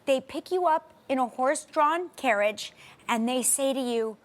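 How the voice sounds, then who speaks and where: A woman's voice: sits high, normal speed. A middle-aged woman co-hosting a talk show, telling a story in casual chat and acting out the quotes. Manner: animated storyteller, acts out quotes.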